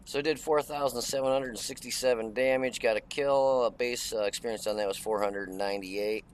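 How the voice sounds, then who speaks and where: A man's voice: medium pitch, steady tone, moderate pace. A middle-aged man casually talking through a replay of his tank game, chatty and folksy with lots of "uh" fillers. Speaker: gaming channel host. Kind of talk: casual gameplay commentary.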